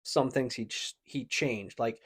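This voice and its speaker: A man's voice: medium pitch, fairly bright tone, husky. A man co-hosting a casual chat, talking in a chatty way and often quoting catchphrases. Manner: chatty, quick to quote catchphrases and laugh. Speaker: wrestling podcast co-host.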